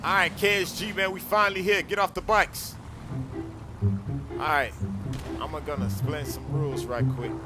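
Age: adult. Sex: man. Style: hyped, slangy gaming roleplay banter as a gang leader. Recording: loud music behind the voice. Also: fairly high pitch, fairly even intonation, moderate pace, long pauses. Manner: hyped, trash-talking, slangy.

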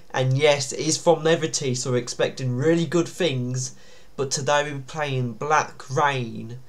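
A man's voice: mid-range voice, a bit bright. A man giving nervous, jumpy commentary on a horror game, with sudden startled yelps. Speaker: gaming YouTuber.

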